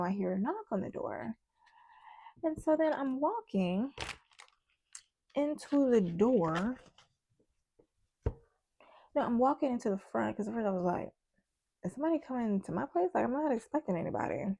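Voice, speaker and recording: A woman tarot reader chatting in a casual vlog, telling a story in an animated way with many asides. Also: mid-range voice, slight background noise.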